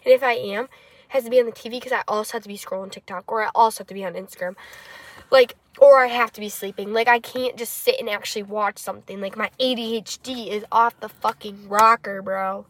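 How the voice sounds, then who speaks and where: A woman's voice: medium pitch, fairly even intonation, fast, no room sound. Blunt young woman ranting in a car. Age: young adult. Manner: blunt, swears constantly, loud rants. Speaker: podcast co-host. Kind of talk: casual chat. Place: parked car.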